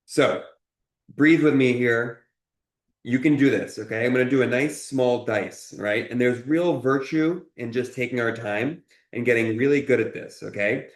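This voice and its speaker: A man's voice: medium pitch, normal speed, hardly any pauses, echoey room. A man chef teaching a cooking lesson, talking through each cut in an encouraging way and often checking in with "okay?". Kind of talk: cooking demonstration. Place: kitchen.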